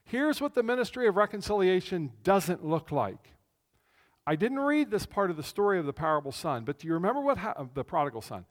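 Guy preaching, kinda high voice, goes loud then quiet, big church reverb. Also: fairly quick. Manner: animated storytelling, swings between loud and hushed. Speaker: pastor. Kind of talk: conversational sermon. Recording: long reverb of a large hall.

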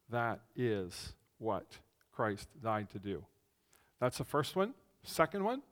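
Animated male preacher in a reverberant hall. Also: medium pitch. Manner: animated storytelling, swings between loud and hushed. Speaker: pastor. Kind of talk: conversational sermon. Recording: long reverb of a large hall.

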